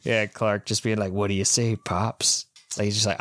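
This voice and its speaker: A man's voice: on the low side, level tone, normal speed, few pauses, a bit bright, no echo. A man co-hosting a casual comic podcast, loose and cheerful, swearing freely and laughing often. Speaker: podcast co-host. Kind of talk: casual comic book discussion.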